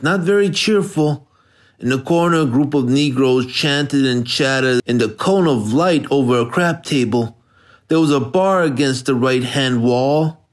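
Man narrating a crime audiobook. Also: medium pitch. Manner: measured, steady storytelling. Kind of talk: scripted narration.

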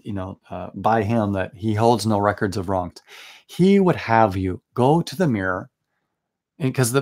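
A young man leading a late-night Bible study, preaching in an earnest, conversational way with frequent restarts and asides. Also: on the low side. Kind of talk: informal sermon.

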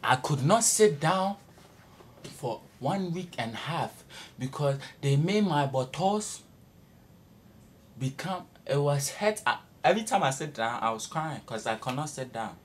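A young man telling a comic story in a monologue. He talks in an animated way and breaks into sudden high shrieks and laughs. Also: measured pace. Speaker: comedic storyteller.

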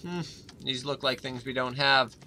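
A man hosting a gaming channel, chatting casually and rambling with lots of filler, breaking into sudden excited outbursts while he plays. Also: mid-range voice, normal speed, a little hiss or hum. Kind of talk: casual let's-play commentary.

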